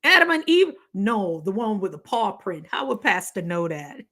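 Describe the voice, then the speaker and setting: A middle-aged woman from the Caribbean chatting casually on a live stream, laughing often and talking with lively energy. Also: mid-range voice, moderate pace. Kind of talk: casual chat.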